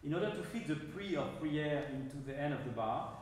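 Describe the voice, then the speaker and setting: A man with a French accent giving an academic lecture on music, speaking carefully and haltingly while pointing to score examples. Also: fairly high pitch, expressive, slight background noise. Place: large lecture hall. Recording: echoey hall, mic far off.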